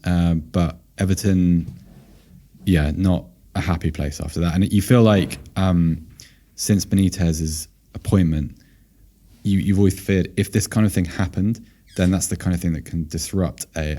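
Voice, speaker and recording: A man's voice: low-pitched, steady tone, normal speed, warm tone. A man co-hosting a football podcast, chatting casually and thinking aloud with fillers, his voice a little tired. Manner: thoughtful, hedging with fillers. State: voice slightly tired. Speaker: podcast co-host, football analyst.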